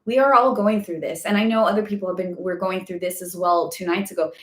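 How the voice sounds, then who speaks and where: A woman's voice: lowish voice, fairly even intonation, fast. Woman, spiritual live Q&A host, casual rambling talk, filler-heavy, echoey room.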